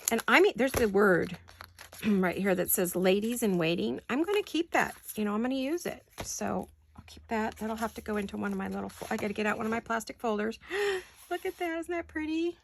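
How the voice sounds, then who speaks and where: A woman's voice: medium pitch, a little fast, vocal fry, a little hiss or hum. An American woman hosting a casual craft chat, thinking aloud and gushing over pretty paper as she cuts it at her desk at home. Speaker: craft channel host.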